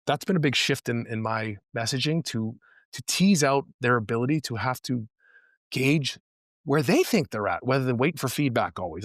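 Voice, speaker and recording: A man's voice: mid-range voice, expressive, brisk, dry recording, studio quality. A middle-aged man, a football coach, talking earnestly in a casual podcast interview and often repeating words as he thinks. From Canada. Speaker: guest, high school football coach.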